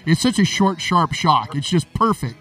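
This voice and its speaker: A man's voice: a little high, big pitch swings, normal speed, a bit bright, recorded from a distance, soft background music, poor audio. A man hosting a casual interview, talking with enthusiastic praise. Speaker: host.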